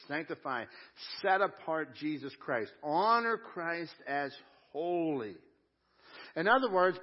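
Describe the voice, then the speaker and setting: A man preaching a sermon at a live church service, earnest, slowing down to stress each scripture line. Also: mid-range voice, dull audio. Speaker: pastor.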